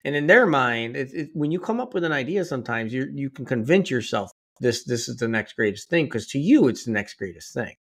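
A man's voice: medium pitch, lively intonation. Talkative, joking male podcast host. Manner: talkative, joking, quick to laugh. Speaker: podcast host, company CEO. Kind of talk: casual podcast chat.

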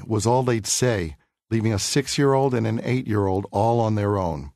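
A man from New York City reading his own memoir aloud for an audiobook, in a measured, earnest and reflective way. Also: on the low side, dark tone, dry recording, clean studio sound.

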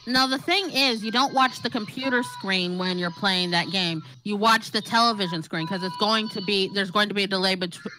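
Teasing woman with a bright edge. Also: mid-range voice, normal speed, hardly any pauses, low-quality recording. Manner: teasing, matter-of-fact. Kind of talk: casual chat with friends on a stream.

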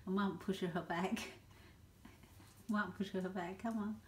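A woman's voice: mid-range voice, fairly even intonation, takes it slowly, reverberant. A woman filming her puppies at home, coaxing and chatting to them in a sing-song way with frequent laughter. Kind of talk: casual home video chat, talking to puppies. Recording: home video with clear background noise.

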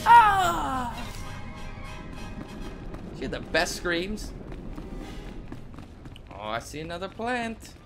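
A young man commentating his gameplay in a goofy, trash-talking way, shouting during fights. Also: on the high side, big pitch swings, slow, pauses often. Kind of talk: let's play commentary. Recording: game music behind voice.

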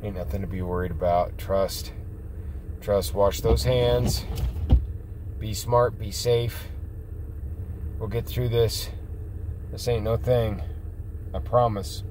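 A man rambling casually in a video blog, reassuring his viewers in a folksy, drawn-out way. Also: lowish voice, fairly even intonation, a little mellow, slight background noise. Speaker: vlogger.

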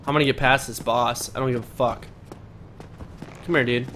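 A young man giving let's play commentary, excitable and panicky, swearing and trash-talking the enemies as he plays. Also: medium pitch, a little hiss or hum. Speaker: gaming commentator.

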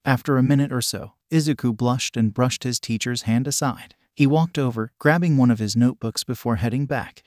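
A man's voice: medium pitch, fairly quick, hardly any pauses, a little mellow, no echo. Man reading a story in a dry close voice. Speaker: narrator. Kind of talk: scripted fan-fiction narration.

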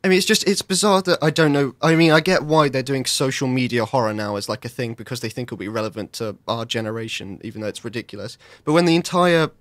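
A man's voice: medium pitch, fast talker, hardly any pauses, a bit bright, dry recording. Young male film reviewer, rambling and hesitant, dry close sound. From United Kingdom. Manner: rambling, hesitant, often trailing off. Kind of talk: casual radio chat.

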